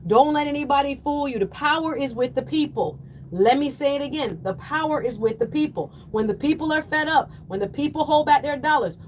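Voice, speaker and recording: A woman's voice: high voice, a little hiss or hum. Fiery woman radio host. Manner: fiery, preachy, rising to yelling then apologizing. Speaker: radio talk show host. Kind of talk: impassioned call-in show commentary.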